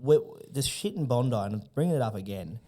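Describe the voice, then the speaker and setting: A man's voice: medium pitch, animated, a little fast, warm tone. An outspoken man talking as a podcast guest, blunt and swearing freely in casual conversation. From Australia.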